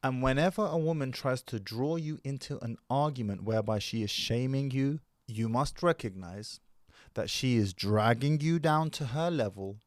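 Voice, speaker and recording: A man hosts a commentary video and lectures his viewers in an even, deliberate voice. His pitch sits mid-range. The recording is close and dry, with no room sound. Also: no echo. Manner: measured, lecturing. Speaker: commentary channel host.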